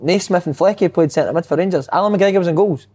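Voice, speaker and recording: A Scottish former footballer in casual chat, telling animated stories and laughing often. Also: male voice, high voice, fast, slightly rough.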